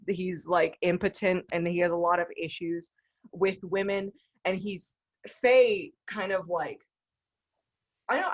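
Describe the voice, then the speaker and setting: A woman co-hosting a podcast, talking through a film in a casual, animated way with lots of fillers. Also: fairly low pitch. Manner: animated, talks through ideas with many fillers. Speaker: podcast co-host.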